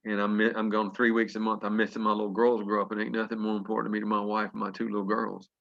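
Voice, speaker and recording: Man, gravelly low voice, bright edge, folksy storyteller, dull lo-fi call audio. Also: quick pace. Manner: lively, acts out quotes, chuckles. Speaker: business testimonial speaker.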